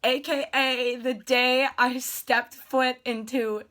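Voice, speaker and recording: Speaking slowly in a high-pitched voice, a young woman vlogger gushes excitedly through a casual story. She acts out the dialogue between herself and her friends.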